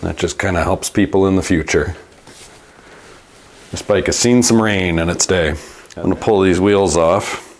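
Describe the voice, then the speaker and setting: A man with a Midwestern accent, a bike mechanic narrating his repair work in a relaxed, matter-of-fact way as he goes. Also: low voice, moderate pace, long pauses, a little hiss or hum. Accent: Midwestern American. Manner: talks through each repair step aloud, relaxed and matter-of-fact. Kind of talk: casual workshop narration.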